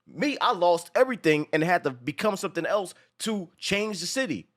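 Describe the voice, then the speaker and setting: A man co-hosting a casual show reaction, talking in a profane, animated way and acting out lines from the episode. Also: high-pitched, normal speed.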